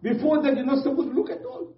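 A man's voice: extremely high pitch, expressive, quick pace. A man preaching a sermon earnestly, repeating points in simple, non-native English phrasing. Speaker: Islamic preacher. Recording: distant, dull, echoey room.

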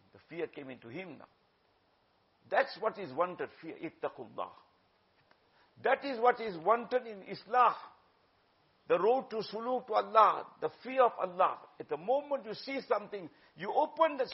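High-voiced man preaching. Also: expressive, moderate pace. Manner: exhorting, mixes in Urdu phrases. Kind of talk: sermon. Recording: dull lo-fi recording.

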